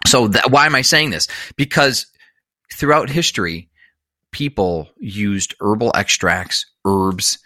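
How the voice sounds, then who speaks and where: A man with a very deep voice that still sounds bright and forceful, recorded close and dry. He explains in an earnest way, stacks up repeated words for emphasis and stops to correct himself. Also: slow pace, no echo. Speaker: guest expert. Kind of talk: explanatory interview talk.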